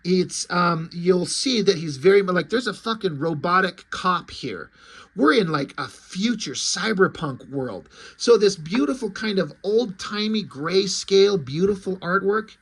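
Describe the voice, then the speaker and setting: Man with a slightly high voice, excitable, swears a lot, comic review vlog. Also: measured pace, breathy edge. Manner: excitable, swears freely, trails off and restarts. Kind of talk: casual comic book read-through and commentary.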